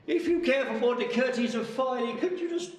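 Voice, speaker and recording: A man doing a wailing, high-pitched peasant farmer. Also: a little fast. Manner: wailing, pleading, high and strained. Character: weeping, desperate peasant farmer who lost his oxen. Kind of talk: one-man stage comedy. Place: theatre stage. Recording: roomy theatre, mic far off.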